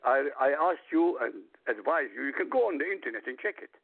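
A man's voice: mid-range voice, animated, a little fast, gravelly, no room sound. A man calling in to a radio talk show, speaking insistently, repeating his points and urging listeners to check for themselves. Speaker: caller, guest. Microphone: telephone. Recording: tinny dry phone line.

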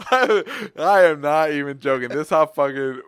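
A man's voice: a little high, expressive, a little slow, fairly bright tone, clear, resonant tone, no room sound. Podcast host, male, loose profane storyteller, dry mic. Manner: rambling, profane, slangy storytelling. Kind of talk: casual chat.

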